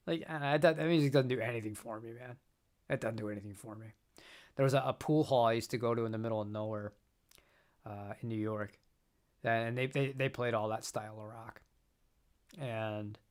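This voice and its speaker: On a live stream, a man who hosts a guitar channel chats casually in a medium-pitched voice, rambling, repeating words, and laughing often.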